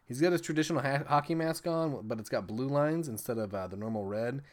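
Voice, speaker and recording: A man's voice: mid-range voice, brisk. A man hosting a film podcast, retelling scenes in a rambling, profane, casual way with frequent laughs. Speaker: podcast host reviewing films. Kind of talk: casual movie recap.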